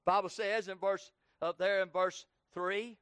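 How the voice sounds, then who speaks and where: Very high-voiced impassioned male preacher. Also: steady tone, smooth, no room sound. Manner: impassioned, swinging from shouts to hushed pleading; rapid piled-up lists. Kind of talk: sermon.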